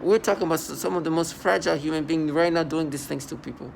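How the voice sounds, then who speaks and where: A defiant man talks straight to the camera from home, his somewhat high voice roughened by heavy gravel. He speaks with scorn, stumbling, restarting and repeating words as he goes. Traffic hums faintly in the background. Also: fairly even intonation, fast. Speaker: vlogger. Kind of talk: angry personal monologue to camera. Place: at home indoors.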